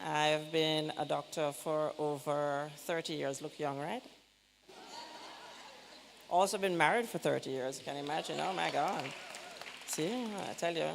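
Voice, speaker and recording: Fast-talking Jamaican woman, low gravelly voice. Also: a little hiss or hum. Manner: fast-talking, direct, joking asides. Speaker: pediatrician giving a health talk. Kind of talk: lively church health talk. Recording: church hall reverb, faint ambience.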